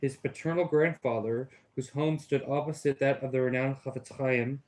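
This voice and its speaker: Man, texas accent, student reading a passage aloud, steady pace, small stumbles. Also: mid-range voice, moderate pace, poor audio.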